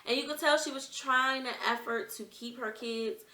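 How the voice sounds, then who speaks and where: A woman's voice: high-pitched, fairly even intonation, normal speed, pushed and bright, recorded from a distance. A young woman vlogger earnestly telling a personal story in a conversational, emotional way. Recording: echoey room, off-mic.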